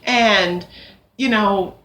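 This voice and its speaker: A young adult woman vlogging to camera, ranting in an animated, exasperated way and swearing now and then. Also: mid-range voice, extremely slow, slight background noise. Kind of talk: ranting casual vlog.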